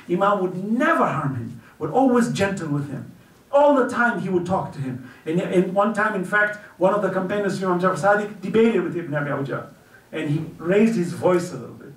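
A man giving an earnest storytelling religious lecture at a community celebration, dropping low and soft whenever he quotes someone. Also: lively intonation, brisk. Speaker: guest speaker at a religious celebration. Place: community center hall at an event. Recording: echoey hall picked up from far off.

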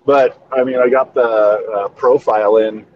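A man's voice: mid-range voice, steady tone, measured pace. A man chatting casually on a show, laid-back and self-deprecating, hedging often. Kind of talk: casual chat. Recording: dull lo-fi line with clear hiss.

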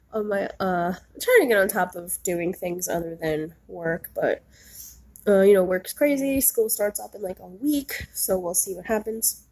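A young woman vlogging with a stuffy, nasal sound from a cold. Her voice is mellow and a little husky, and she rambles through a casual update with plenty of ums and likes. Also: mid-range voice. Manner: rambling, lots of ums and likes, laughs easily. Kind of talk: casual chat.

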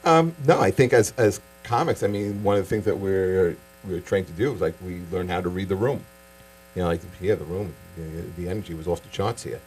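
A stand-up comic from Staten Island, delivering a punchy set with quick asides, then chatting casually in an interview. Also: male voice, deep voice, darkish tone, slight background noise, rough recording. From Staten Island, New York.

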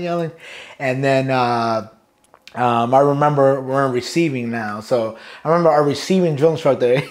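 A man's voice: mid-range voice, darkish tone. A man, a Marine sergeant major telling loose, profane stories from boot camp in a casual interview, often laughing. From Brooklyn, New York.

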